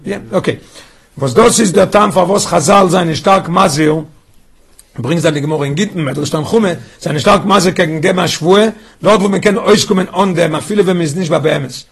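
A man leads a Torah study class in a high, husky voice. He keeps asking his listeners questions and starts phrases over as he works through the text. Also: fairly quick. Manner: questioning, restarts phrases, quizzes students. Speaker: teacher.

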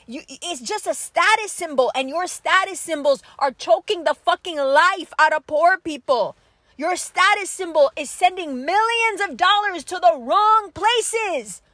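A woman with a strikingly high voice rants bluntly and confrontationally, swearing constantly as she lectures her listeners. The sound is dry and close, with no room echo. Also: fairly bright tone. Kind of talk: profane political rant.

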